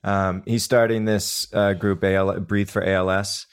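A man's voice: fairly low pitch, level tone, normal speed, smooth. A man who teaches breathwork, telling a story in a casual podcast chat, full of restarts and fillers. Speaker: breathwork instructor.

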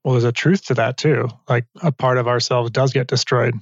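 A man interviewing in a reflective conversation, soft and affirming, asking probing follow-ups. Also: medium pitch, fairly even intonation, brisk, no echo, dull audio.

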